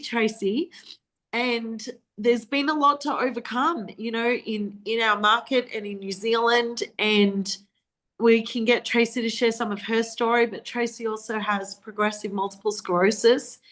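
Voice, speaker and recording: A woman hosts a team video call and pours out heartfelt praise for a colleague. She talks in an effusive, celebratory way over a video call connection. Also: mid-range voice. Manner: effusive, warm praise with laughter. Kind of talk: enthusiastic recognition speech on a video call.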